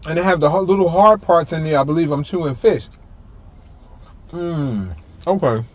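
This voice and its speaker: A man's voice: on the high side, moderate pace. A man hosting a casual food-tasting vlog from the back seat of a parked car, chatting to viewers while he chews and hums his approval. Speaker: food vlogger host. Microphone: camera-mounted mic, a little far off.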